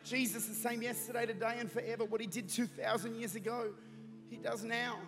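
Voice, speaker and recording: A high-pitched man in his thirties preaches to a church, joking through a story before rising into fervent prayer. His voice rings through a large hall with long reverb. Music plays clearly behind him. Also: steady tone, brisk. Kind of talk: sermon with storytelling.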